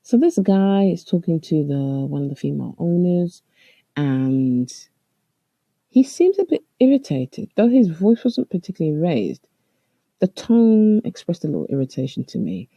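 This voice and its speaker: Man podcast host, gravelly voice, halting reflective storyteller. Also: a little high, very animated, warm tone, no echo, highs cut off. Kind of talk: storytelling monologue.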